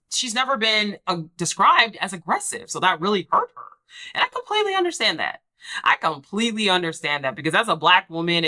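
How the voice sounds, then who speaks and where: A woman's voice: fairly low pitch, sharp tone. A young woman hosting a reality TV recap, talking emphatically and sassily and acting out the people she quotes. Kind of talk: casual recap commentary.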